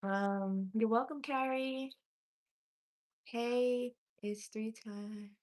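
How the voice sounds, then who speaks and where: A woman's voice: a little high, steady tone, darkish tone. A woman doing tarot readings on a livestream, reading chat aloud and calling viewers honey and sweetie. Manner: chatty and affectionate, calls viewers honey and sweetie; reads chat aloud while scrolling, with pauses and restarts.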